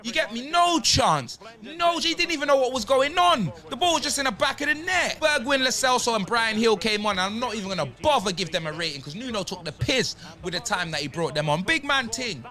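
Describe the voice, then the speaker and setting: A man's voice: very high voice, lively intonation, a little fast, hardly any pauses, bright, forceful tone. A man giving exasperated football player ratings in a slangy fan rant, tagging lines with "fam" and "blood".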